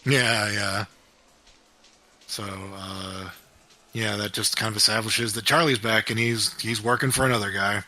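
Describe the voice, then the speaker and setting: Bright-voiced man in casual chat. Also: fairly low pitch, fairly even intonation, a little slow. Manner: rambling, full of fillers and quoted voices. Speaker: podcast co-host. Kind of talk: casual chat recapping a cartoon.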